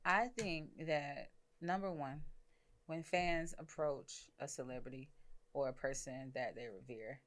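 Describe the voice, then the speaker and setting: A woman's voice: rumbling low, fairly even intonation, unhurried, fairly bright tone. A young woman hosting a podcast, talking frankly and measuredly, thinking aloud in casual chat. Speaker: podcast host.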